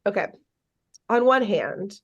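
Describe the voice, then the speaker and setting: A woman co-hosting a podcast, recapping a cartoon episode in casual chat, animated and full of "like", acting out the characters' lines. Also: medium pitch, slow, husky, muffled recording. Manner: animated storytelling, lots of "like", acts out characters' lines.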